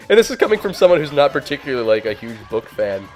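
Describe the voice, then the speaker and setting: A man's voice: on the high side, fairly quick, faint music behind. Rambling let's play guy, filler-heavy. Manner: rambling, lots of "like" and "um", easily excited. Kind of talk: casual gameplay commentary.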